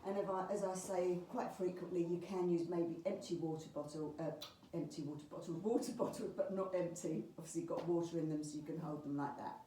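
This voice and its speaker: A woman leading a beginners Pilates class, calmly talking students through each movement with the occasional filler. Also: fairly low pitch, a little fast, hardly any pauses, a little hiss or hum. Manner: calm step-by-step cueing with fillers. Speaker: Pilates instructor. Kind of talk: guided exercise class. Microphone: camera across the room. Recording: roomy far-off mic with faint ambience.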